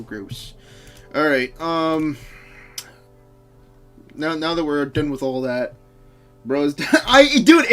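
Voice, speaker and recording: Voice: mid-range voice, a bit bright. A game streamer chatting casually on a live stream, rambling and swearing while answering chat, often breaking into laughter. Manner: frequent laughter.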